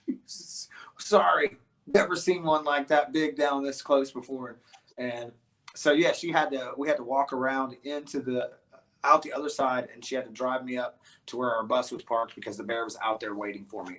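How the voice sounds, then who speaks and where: An American man in a casual interview, talking in a loose, rambling way with lots of "um"s and repeated words. He gets swept up in his own story and keeps circling back to pick up the thread. His voice sits at an ordinary middle pitch. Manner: animated storyteller, many restarts and fillers. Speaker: guest musician.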